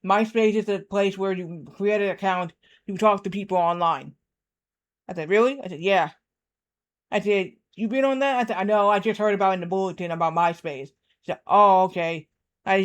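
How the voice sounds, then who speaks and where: Brisk and high-voiced, a man in his thirties tells a wandering story during a game stream, looping back with repeats and voicing quotes as he goes.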